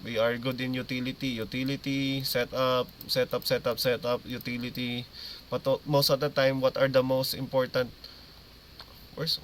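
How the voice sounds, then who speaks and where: A man's voice: mid-range voice, a bit bright, slight background noise. Man coaching his team. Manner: instructive, repeats key terms, checks in with listeners. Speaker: esports coach. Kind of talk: team meeting briefing.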